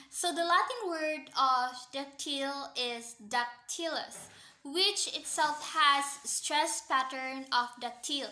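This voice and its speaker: A young woman presenting to a class in a high, bright voice, speaking slowly. She opens nearly every sentence with "so" and fills gaps with "um". The sound carries a strong room echo. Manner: starts most sentences with "so", many "um" fillers. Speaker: student presenter. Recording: echoey room.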